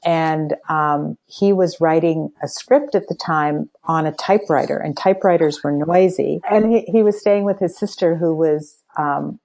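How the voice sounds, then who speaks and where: A deep, gravelly voice belongs to an older woman, a spiritual coach guesting on a podcast, who tells a personal story energetically and acts out quoted dialogue. She speaks at a moderate pace with few pauses in a casual interview, and the recording is low quality.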